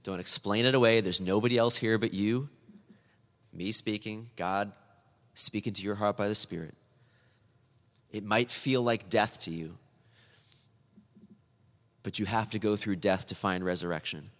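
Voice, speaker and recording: Earnest low-voiced man preaching a sermon. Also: fairly even intonation, measured pace, long pauses, a bit bright, in a large hall. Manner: earnest, building to emphatic repeated appeals. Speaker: pastor. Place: church.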